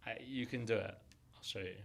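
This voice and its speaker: A man in his thirties, a comedian guest chatting casually on a podcast in an animated, jokey way and quick to laugh. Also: lowish voice, vocal fry. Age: 30s.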